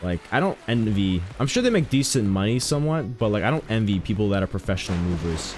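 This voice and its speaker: A young man rambles through a live game stream, his voice low but swinging widely up and down as he jokes and tells stories. Faint music plays under him. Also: quick pace. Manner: joking, rambling, animated storytelling. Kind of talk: casual live-stream chat while gaming.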